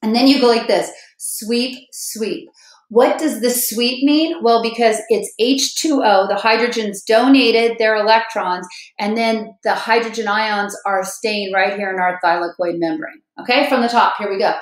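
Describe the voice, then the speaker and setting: A woman's voice: medium pitch, moderate pace. Upbeat woman teacher, echoey room. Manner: upbeat, chatty, checks in with "okay?" and "all right?"; sings and chants a memory song with motions. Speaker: biology teacher. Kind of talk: recorded classroom lecture with song.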